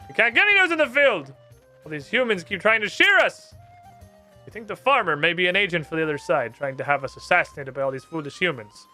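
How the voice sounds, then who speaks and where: A man voicing a secretive Soviet penguin spy who talks gruffly and calls people comrade, while playing a game. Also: high-pitched, big pitch swings, fast talker, sharp tone, faint music behind, exaggerated voice. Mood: urgent. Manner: gruff, curt commands, calls everyone comrade.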